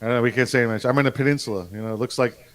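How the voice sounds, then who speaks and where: A man co-hosting a casual podcast, talking in a relaxed, rambling way with chuckles. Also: mid-range voice, racing. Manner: laid-back, chuckling, rambling. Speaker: co-host.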